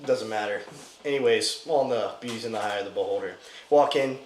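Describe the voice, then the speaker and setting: A man's voice: fairly low pitch, brisk. A man co-hosting a podcast, telling a story in a laid-back, chatty way with lots of "dude" and "like". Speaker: podcast co-host. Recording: roomy echoey room, faint noise.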